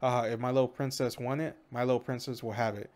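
A man voicing a doting father who is leaving home, speaking gently and reassuringly in his own voice. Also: mid-range voice, little pitch movement, fast, close to an everyday voice. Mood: gentle.

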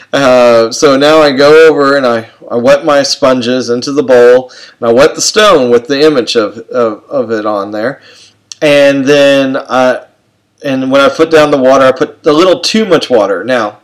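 A man's voice: mid-range voice, low-quality recording. A man telling a personal anecdote to an audience in a rambling, self-mocking way, full of fillers and restarts. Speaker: storyteller.

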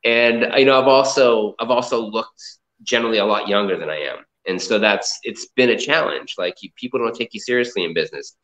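A man's voice: fairly low pitch, a little fast, hardly any pauses, a bit bright. A man from the Boston area, a guest on an interview over a video call, telling stories in a loose, rambling way full of fillers and restarts. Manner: rambling, filler-heavy storytelling. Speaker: guest, comic art collector and entrepreneur. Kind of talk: casual interview chat. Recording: dull lo-fi audio.

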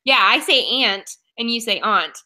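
A chatty woman from Oklahoma talks books on a live stream and answers viewers as she goes. Her voice is bright and a little high. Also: expressive, moderate pace. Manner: chatty, reacts to viewer comments. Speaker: book club co-host. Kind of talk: casual live-stream chat.

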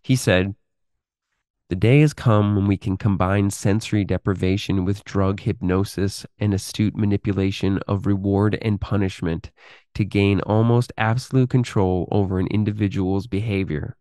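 A man hosting a podcast, reading a text aloud in a deliberate way and breaking off into unscripted commentary full of fillers. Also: fairly low pitch, fairly even intonation, dark tone, no room sound, studio quality. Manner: deliberate reading, halting with fillers when speaking freely. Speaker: podcast host.

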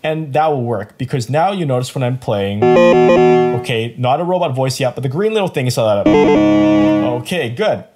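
A man hosting a quick software tutorial in an upbeat, playful way, chuckling as he explains. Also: mid-range voice, expressive, over loud music. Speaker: tutorial host. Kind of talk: screen-recorded software tutorial.

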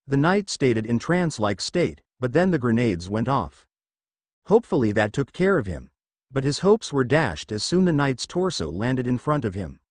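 A man's voice: mid-range voice, big pitch swings, normal speed, dry recording. A man reading fan fiction aloud as narrator. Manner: reads all the figures himself. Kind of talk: story narration.

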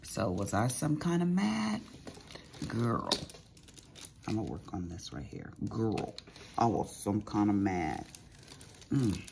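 Gravelly, low-voiced sassy woman. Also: sing-song, slow pace, pauses often, darkish tone, a little hiss or hum. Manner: chatty, sassy storytelling with big pitch swings. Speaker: crafting vlogger. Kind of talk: casual chat while crafting.

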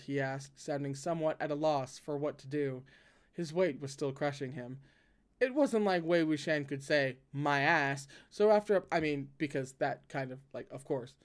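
A man's voice: on the high side, darkish tone. Man reading aloud, chatty asides. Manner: conversational, breaks off to comment. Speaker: reader and commentator. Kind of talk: reading a novel aloud with commentary.

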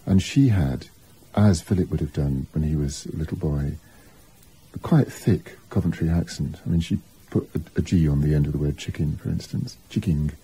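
A biographer talking reflectively in an interview, thinking aloud with asides and restarts. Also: male voice, very deep voice, moderate pace, mellow, husky, poor audio.

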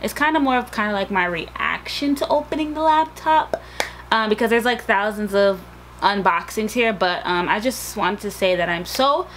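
A woman vlogging with breathless excitement, repeating herself as she talks. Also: medium pitch, moderate pace, a little hiss or hum, poor audio. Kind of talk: casual vlog.

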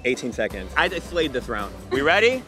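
A man's voice: mid-range voice, sing-song, brisk, over music. A man hosting a street game show outdoors on a boardwalk, talking in a playful, sassy, teasing way with lots of banter.

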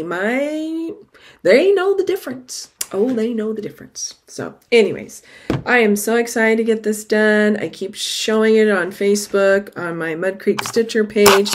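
A middle-aged woman chatting casually to camera about her stitching, excitable and gushing, with sudden high exclamations. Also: normal speed, slight background noise. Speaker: cross-stitch vlogger.

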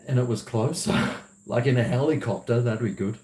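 A man hosts a livestream in a loose, rambling way, laughing often as he reads out viewer messages. His voice sits at an ordinary middle pitch. The room gives it a noticeable echo. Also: moderate pace, darkish tone. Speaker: livestream host. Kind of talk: casual livestream chat, reading viewer messages. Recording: roomy echo.

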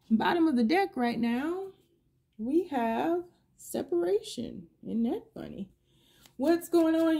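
A woman's voice: high voice, mellow. A middle-aged woman giving a collective tarot reading, musing aloud and asking the universe the same questions again and again as she pulls cards. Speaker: tarot reader.

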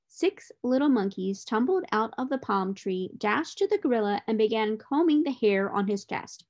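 A woman tutor reading a children's storybook aloud in a clear, expressive way. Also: on the high side, normal speed, few pauses.

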